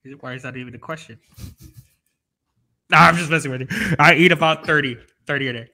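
A man's voice: a little high, fast talker, bright, forceful tone. A man playing the Grinch in a comedy interview, rambling through silly stories and laughing a lot. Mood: chatty, joking. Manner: rambling, giggly, tells tall tales. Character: mischievous green male Grinch, greedy, onion-loving.

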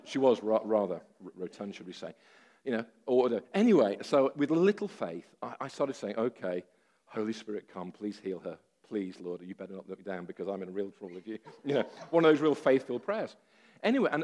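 Lower-voiced man preaching. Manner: lively anecdotal, self-deprecating humor, many fillers. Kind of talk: sermon with storytelling.

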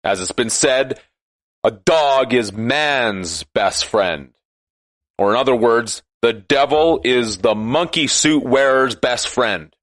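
Ranting man, slow and deliberate, sarcastic edge, dry close sound. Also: medium pitch, expressive, no room sound. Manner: ranting, sarcastic, rises to shouting. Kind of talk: impassioned monologue.

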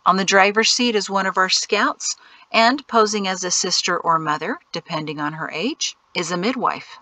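A calm, capable man guiding a family to safety, steady and reassuring in his instructions, as a woman reads him in an audiobook. The voice is bright and sits close and dry. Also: mid-range voice, normal speed, dry recording, lightly acted, rough recording. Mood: explaining.

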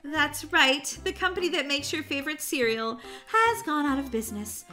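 A woman's voice: sits high, animated, moderate pace, bright, forceful tone, soft background music. A woman voicing a sly mother figure who talks sweetly and teasingly. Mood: sugary. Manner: sweet, falsely soothing, teasing. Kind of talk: animated roleplay voice acting.

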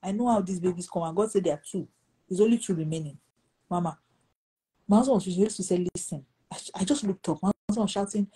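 Woman pastor, warm husky storyteller. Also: quick pace, rough recording. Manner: animated, acts out quoted dialogue with pitch jumps. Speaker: pastor and guest. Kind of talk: storytelling testimony in conversation.

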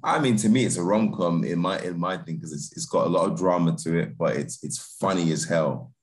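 A man's voice: sits low, fairly quick. A man, a film director talking casually as an interview guest, laid-back and laughing easily, with many restarts and fillers. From Britain.

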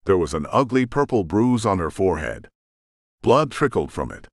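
A man's voice: sits low, very animated, normal speed, no room sound, clean studio sound. A man reading a first-person audiobook in a tense, dramatic storytelling manner. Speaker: audiobook narrator.

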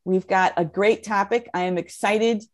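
Woman hosting a webinar, upbeat and gushing, mid pitch, lots of uhs. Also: fairly even intonation, moderate pace. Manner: upbeat, effusive, with fillers. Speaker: webinar moderator.

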